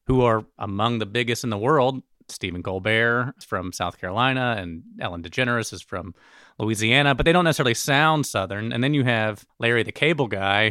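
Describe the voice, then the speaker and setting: Bright, crisp-voiced male interviewer. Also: mid-range voice, no room sound, clean studio sound. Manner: thoughtful, rambling with restarts. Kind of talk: interview questions.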